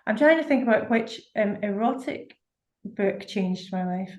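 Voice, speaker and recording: A woman's voice: mid-range voice, lively intonation, a little slow. A woman with a Scottish accent, a guest author on a podcast, chatting effusively with many fillers and exclamations. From Scotland. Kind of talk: casual interview chat.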